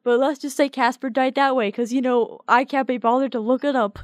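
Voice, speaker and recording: A woman's voice: high-pitched, brisk, no echo, clean studio sound. A young Irish woman co-hosting a podcast in casual chat, laughing often and swearing freely as she tells stories. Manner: giggly, swears casually, animated storytelling. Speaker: podcast co-host.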